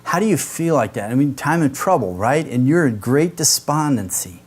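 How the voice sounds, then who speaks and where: A man's voice: mid-range voice, big pitch swings, moderate pace, husky. A man, a pastor, preaching an expository sermon with casual conversational asides to the congregation.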